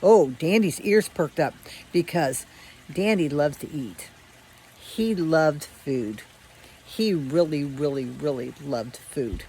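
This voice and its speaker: A woman telling a children's story aloud in a relaxed, conversational way with frequent restarts. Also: sits low, takes it slowly, slight background noise, poor audio. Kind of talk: casual oral storytelling.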